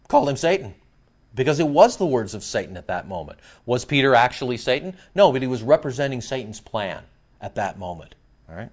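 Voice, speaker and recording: Animated preacher, man, lo-fi recording. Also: mid-range voice, moderate pace. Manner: animated, conversational, jokes with the congregation. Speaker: pastor. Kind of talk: expository sermon.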